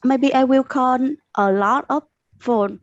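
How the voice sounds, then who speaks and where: Halting woman trainee, dry muffled sound. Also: high-pitched, no room sound. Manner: hesitant, halting non-native English. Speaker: sales trainee. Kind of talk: classroom answers.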